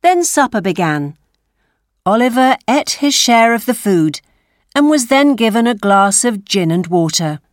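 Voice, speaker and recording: Woman reading a story real slow, lively pitch, dry close mic. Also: no echo. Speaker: narrator. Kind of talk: reading a graded story aloud.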